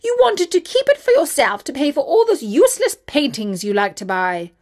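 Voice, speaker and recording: A woman voicing a wicked, scheming queen in a storybook reading, shrill and accusing. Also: sing-song, normal speed. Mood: scornful.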